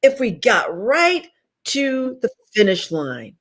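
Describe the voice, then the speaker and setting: A woman's voice: a little high, big pitch swings, slow pace, fairly bright tone. A woman guest speaking over a video call, giving a fervent, preacher-like inspirational testimony and repeating phrases for emphasis.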